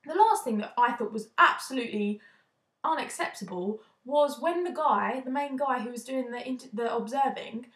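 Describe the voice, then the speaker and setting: A young woman from the UK giving a casual, indignant opinion vlog, talking quickly and often restarting her sentences. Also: on the high side. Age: young adult. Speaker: vlogger. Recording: echoey room.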